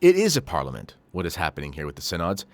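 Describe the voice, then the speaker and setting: Low-voiced man reading and critiquing news. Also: huge pitch swings, quick pace, a little mellow, dry recording. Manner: critical, sarcastic asides, frequent fillers. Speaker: host.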